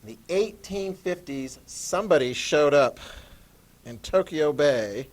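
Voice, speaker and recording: Animated male teacher lecturing a class. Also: fairly high pitch, unhurried. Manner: animated, asks the class questions, acts out voices. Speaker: history teacher.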